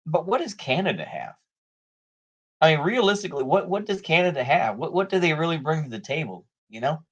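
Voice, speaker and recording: A man's voice: fairly high pitch, big pitch swings, a little fast, fairly bright tone, dull audio. A man talking casually in rambling political commentary, full of "you know" fillers and frequent laughs.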